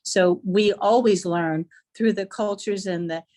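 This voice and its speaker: A woman's voice: medium pitch, dark tone. A woman art teacher talking casually over a video call, often stopping to search for words. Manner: halting, searches for words with many fillers. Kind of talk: casual chat.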